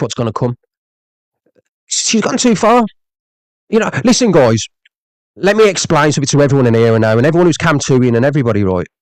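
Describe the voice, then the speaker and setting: A man's voice: medium pitch, dry recording. A man on a live stream, ranting angrily with lots of swearing, repeating himself and reading out viewer comments. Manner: angry, profane, repeats "you know what I mean".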